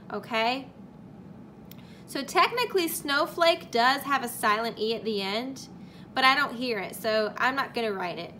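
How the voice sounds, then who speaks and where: Her voice is a little high with a sharp tone, and some slight background noise is audible. This young woman is recording a kindergarten lesson, deliberately sounding out words for small children.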